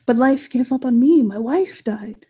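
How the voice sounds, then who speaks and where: A broken old werewolf guard, as a woman plays him at the table, stumbling over his words as he tells of his lost family. The voice sits fairly high, with halting, faltering phrasing and rough language. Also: expressive, a little mellow, full character voice. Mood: grieving. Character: grieving elderly male werewolf guard, crude-mouthed. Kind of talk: in-character tabletop role-play.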